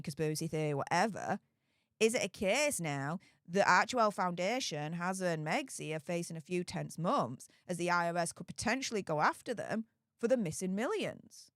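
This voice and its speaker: A woman's voice: mid-range voice, dry recording, studio quality. Chatty woman commentator. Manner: chatty, conversational, addresses viewers as guys. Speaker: YouTube royal gossip commentator. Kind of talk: casual commentary vlog.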